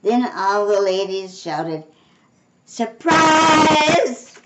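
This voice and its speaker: Slow, expressive older woman reading aloud. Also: on the low side, very noisy. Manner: slow, expressive read-aloud with voiced dialogue. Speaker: storybook reader. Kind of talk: reading a children's picture book aloud.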